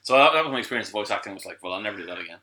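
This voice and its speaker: A man's voice: on the low side, expressive, rapid-fire, sharp tone. A middle-aged Irish man, a guest who is a voice actor and musician, telling a story in a casual podcast chat and acting out the people he quotes.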